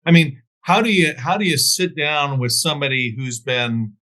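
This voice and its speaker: A man's voice: fairly high pitch, moderate pace, bright, forceful tone. A man hosting an interview, agreeing and thinking aloud with fillers. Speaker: podcast host. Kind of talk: interview conversation.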